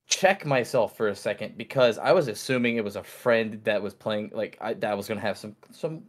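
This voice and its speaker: Rambling man telling a story on a podcast. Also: mid-range voice. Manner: rambling storyteller, many fillers and restarts. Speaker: podcast co-host. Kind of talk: casual podcast chat.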